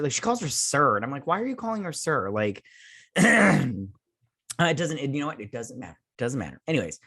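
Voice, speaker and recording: A man's voice: mid-range voice, fairly bright tone. Guy rambling thru his episode review, kinda scatterbrained, dry no-echo sound. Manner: rambling, scatterbrained, many restarts. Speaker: channel host reviewing a TV episode. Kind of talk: casual unscripted review chat.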